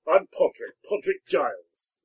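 A man voicing a gruff, red-faced old male farmer who shouts in a whisper. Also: a little high, big pitch swings, unhurried, pitched above the performer's own voice, exaggerated voice. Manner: hissing, agitated. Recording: dull lo-fi audio.

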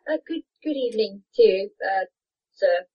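A woman's voice: mid-range voice, expressive, moderate pace, slightly rough. A woman playing a tabletop game, speaking politely and apologetically in character. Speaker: player. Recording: dull lo-fi audio.

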